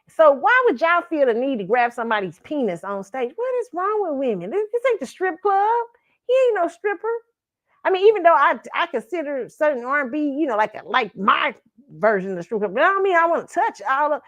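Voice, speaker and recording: Woman host, high and very expressive voice, loose, profane, laughing pop culture chat. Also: brisk, muffled recording. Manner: animated, laughing, swearing freely, acts out her own reactions. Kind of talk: casual pop culture commentary.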